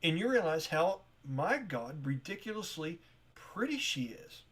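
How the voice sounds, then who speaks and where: A male game master narrating a fantasy tabletop session. He talks in a chatty, excitable way and laughs easily as he describes the scene, in a voice on the higher side. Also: unhurried, slightly rough.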